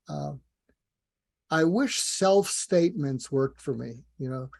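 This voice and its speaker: A man's voice: mid-range voice, dark tone. An older man, a guest in a conversation, telling stories candidly and a little hesitantly. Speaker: guest, executive coach. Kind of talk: conversational interview.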